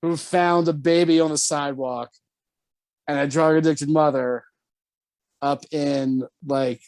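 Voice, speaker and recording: A man telling a story on a casual podcast, animated and swearing often, jumping high when quoting himself. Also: a little slow, no room sound. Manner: animated, swears often, jumps to high pitch for quoted lines. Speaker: podcast co-host.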